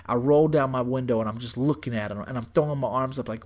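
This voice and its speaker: A young man telling a story in casual chat, animated and profane, saying "dude" and "bro" constantly. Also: medium pitch, fast, hardly any pauses.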